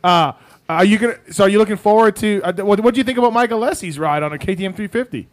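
High-voiced laughing radio host. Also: male voice, rapid-fire. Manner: laughing, stammering asides. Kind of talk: casual radio talk.

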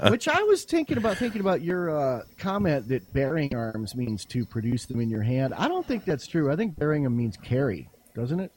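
A man holding forth in a loose, joking podcast chat, boasting in jest and drifting from point to point. His voice sits at a middling pitch. A faint hiss runs under the online call. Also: sing-song, moderate pace. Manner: joking, rambling, boastful banter. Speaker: podcast guest. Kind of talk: casual podcast conversation. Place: home in Wyoming.

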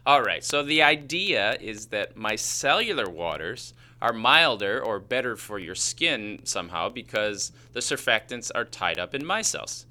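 Bright-voiced man with a Chicago accent. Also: lowish voice, expressive, measured pace, few pauses. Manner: explanatory, laughs easily. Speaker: podcast co-host. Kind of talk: casual science chat.

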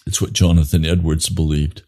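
A man preaching an impassioned sermon, swinging from low grave tones to high urgent pleading. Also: level tone, fairly quick, mellow.

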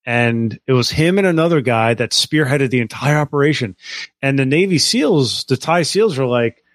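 A man's voice: medium pitch, expressive, normal speed, no room sound, studio quality. A married man on a podcast, telling a long story with energy, stopping and restarting and swearing freely. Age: adult, married. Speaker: podcast co-host. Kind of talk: casual chat.

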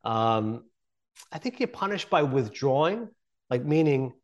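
A man's voice: mid-range voice, expressive, normal speed. Earnest man, reflective and candid. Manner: earnest, reflective, many restarts. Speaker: guest, sports broadcaster. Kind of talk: conversational interview.

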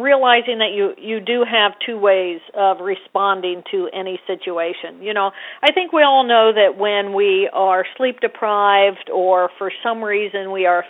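A woman guest explaining ideas in a conversational way. She gets animated and acts out little scenes with a rising voice. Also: mid-range voice. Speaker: guest brain scientist. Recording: tinny phone-line audio.

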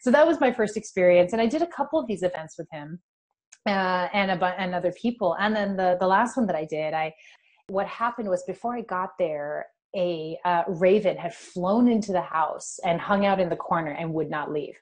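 A woman's voice: on the low side, normal speed. Middle-aged woman telling a heartfelt story. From California. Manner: animated, emotional storytelling with laughter. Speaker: guest. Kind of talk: personal storytelling interview.

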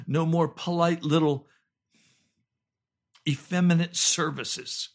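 Older pastor preaching with fervent, pleading intensity. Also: male voice, fairly even intonation, takes it slowly. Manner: fervent, pleading, swings between loud cries and low intensity. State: hoarse. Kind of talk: impassioned home sermon video.

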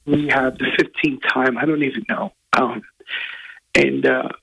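A man, a guest musician, telling a personal story in an earnest, halting, emotional way from a hotel room. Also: medium pitch, steady tone, vocal fry, pushed and bright, husky, rough recording.

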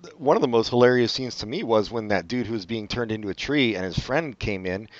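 A man's voice: fairly low pitch, fast, dry recording, dull audio. A man in casual film chat who is sardonic and swears freely.

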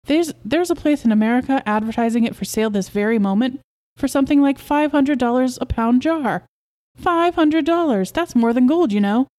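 A woman voicing an excitable, proud middle-aged beekeeper husband who coaxes and insists, in a storybook reading. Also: on the high side, fast talker, few pauses, lightly acted. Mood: excited.

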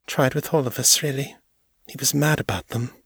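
A man's voice: medium pitch, normal speed, a bit bright, husky, no echo, pitched above the performer's own voice. A man voicing a young leopard woman in an audiobook, her voice quavering but composed. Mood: hollow. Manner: voice quavering, hollow and small. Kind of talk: audiobook character voice.

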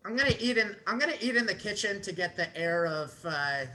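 A man's voice: sits high, expressive, brisk, noisy background. A man playing a tabletop game, chatting casually with many hesitant fillers. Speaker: player.

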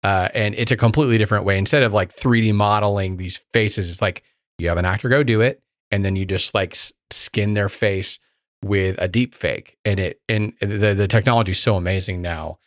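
A man's voice: lowish voice, a little fast, no room sound, clean studio sound. A man co-hosting a casual chat, enthusiastic and often restarting his sentences. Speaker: podcast co-host.

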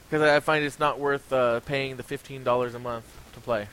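A man's voice: mid-range voice, steady tone, normal speed, fairly bright tone, rough recording. A man hosting a casual gaming podcast, reading out sales figures with lots of ums and restarts. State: slightly hoarse from talking. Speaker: podcast host. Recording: faint hiss.

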